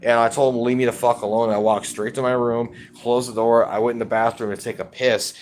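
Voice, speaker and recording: A man's voice: mid-range voice, level tone, fairly quick, a little hiss or hum. A man talking in a personal video update, rambling and cursing heavily in an agitated way. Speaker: vlogger.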